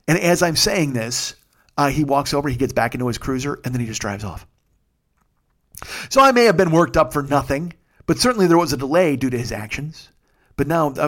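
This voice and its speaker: A man hosting a podcast, telling a long, profane, excitable story in a casual monologue. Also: on the high side. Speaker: podcast host.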